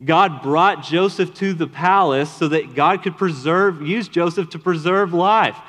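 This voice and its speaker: A man giving a sermon, reading scripture aloud and then explaining it earnestly, growing animated as he retells the story. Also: fairly high pitch, a little slow, long reverb tail. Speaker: pastor.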